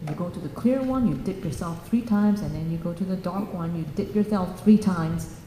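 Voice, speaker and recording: A woman's voice: fairly low pitch, moderate pace, background noise, close to an everyday voice. A woman telling of a grimy old woman. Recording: echoey church hall.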